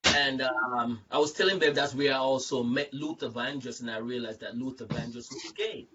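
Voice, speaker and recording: A man hosting a casual group talk, telling stories in an animated, rambling way, repeating words and acting out other people's lines. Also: medium pitch, moderate pace, far from the mic, dull audio, a little hiss or hum. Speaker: show host. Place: online video chat.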